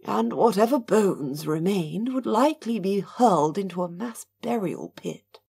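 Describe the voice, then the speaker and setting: A woman's voice: mid-range voice, expressive, vocal fry, a little mellow, slightly rough, voice pushed up, heavily acted. A woman voicing sardonic noblewoman Lady Worth. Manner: dry, sarcastic, measured.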